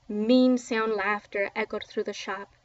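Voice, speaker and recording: A woman reading a children's book aloud with expressive, dramatic storytelling, recorded dull and a little distant from the mic. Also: fairly high pitch, no echo. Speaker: book reader.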